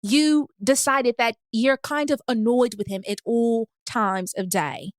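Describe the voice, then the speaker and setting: A woman's voice: fairly high pitch, unhurried, no echo, studio quality, natural voice. A woman voicing a posh woman giving love advice with a London accent, drawling and theatrical. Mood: prim, scolding. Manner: drawling, theatrical, says "darling". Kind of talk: mock advice-column reply.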